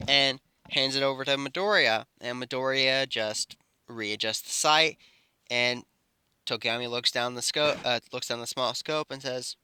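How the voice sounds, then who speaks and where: Bright, crisp-voiced man telling a story. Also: mid-range voice, fairly even intonation, a little slow, no echo. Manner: rambling, with fillers and self-corrections. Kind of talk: improvised fan-story narration.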